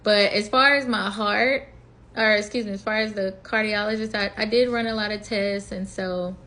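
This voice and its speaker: Speaking at normal speed and medium pitch, a twenty-something woman shares a personal anecdote on her casual vlog. Her retelling is lively and conversational, with her thoughts and remarks acted out in quotation.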